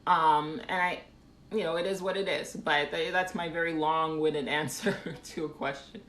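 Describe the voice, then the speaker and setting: Woman, lowish voice, casual live-stream chat, rambling, lots of ums, echoey room. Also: steady tone, moderate pace, a bit bright. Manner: rambling and chatty, many ums, reads viewer comments aloud. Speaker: painter hosting a live stream. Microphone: phone.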